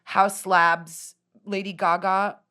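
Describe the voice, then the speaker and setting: A woman's voice: medium pitch, level tone, slow, pushed and bright, clear, resonant tone. A woman hosts a casual podcast, talking at a studio mic in a chatty, rambling manner. She pokes fun at herself as she wanders through her stories. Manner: rambling, self-deprecating and chatty. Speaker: podcast host. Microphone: studio microphone.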